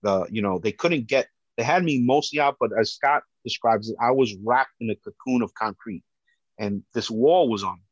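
A man, a police officer, telling his own story as personal testimony in an earnest, halting way with many restarts. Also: medium pitch, dry recording. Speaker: police officer recounting a rescue. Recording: dull lo-fi dry sound.

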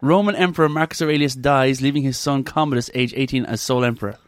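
A man's voice: medium pitch, fast, dry recording. A man, co-hosting a podcast in casual banter, reading out dates and swearing often as he acts out quotes. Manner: swears a lot, acts out quotes in put-on voices. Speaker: podcast co-host.

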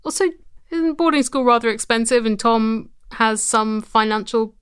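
A woman's voice: a little high, normal speed, clear, resonant tone. A woman hosting a podcast and recapping a TV episode with wry, dry humor. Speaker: podcast host. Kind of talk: casual TV recap chat.

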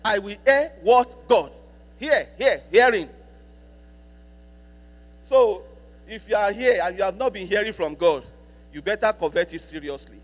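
A man preaching a sermon as a pastor, repeating key lines for emphasis and slowing down to read scripture. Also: high voice. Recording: long hall reverb with mains hum.

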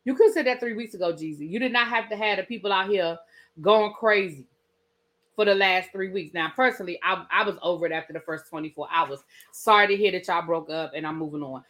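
A woman hosting a casual celebrity gossip podcast, talking in an animated, incredulous way with laughing asides. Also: fairly low pitch, brisk. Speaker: podcast host.

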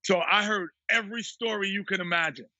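A man being interviewed who tells a story in a lively way, laughing and acting out what other people said. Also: high voice, fairly quick, dry recording, dull audio. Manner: animated storyteller who acts out quotes, laughs often. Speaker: guest, former basketball player and TV analyst. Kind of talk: casual storytelling chat.

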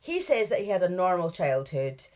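A woman's voice: fairly low pitch, big pitch swings, normal speed, a little mellow. A woman co-hosting a podcast, chatting casually and narrating a case, laughing often and hedging over details. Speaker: true crime podcast co-host.

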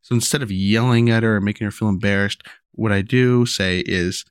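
A young father talks loosely about raising his daughter, circling back and repeating himself as he goes. His voice sits low, with a dry, close sound and no room around it. When he acts out what he says to her, his voice climbs higher. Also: steady tone, a little fast, clear, resonant tone, no room sound. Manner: rambling, repeats words and restarts, many "you know" and "right?"; rises in pitch when acting out talking to his daughter. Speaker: father sharing parenting advice. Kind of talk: casual monologue to camera.

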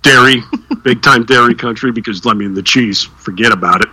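A man's voice: medium pitch, brisk, sharp tone, slightly rough, rough recording. A man co-hosting a podcast, joking and ranting sarcastically in casual chat. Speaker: podcast co-host.

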